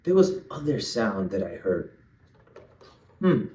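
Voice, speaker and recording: A man leading a playful lesson for young children, talking straight to them in an animated, singsong way. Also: on the low side, slow, recorded from a distance. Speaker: children's language teacher. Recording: echoey room, voice off-mic.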